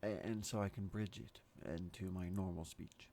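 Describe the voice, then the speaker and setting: A man giving a rambling spoken meditation, meandering and pausing, his accent and tone drifting as he talks. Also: deep voice, steady tone, gravelly, dark tone, slight background noise. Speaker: meditation speaker.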